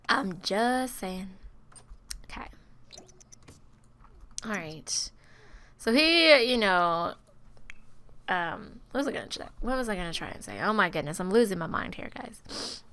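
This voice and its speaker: Chatty sick woman, gravelly and lively. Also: medium pitch, measured pace, pauses often. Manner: chatty, expressive, talks to viewers. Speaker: gaming video host. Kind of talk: casual gameplay commentary.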